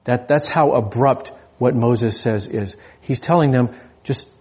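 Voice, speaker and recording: A man's voice: mid-range voice, a little slow, a little mellow, slightly rough. A man preaching a sermon in a conversational, humorous way, often restarting his phrases.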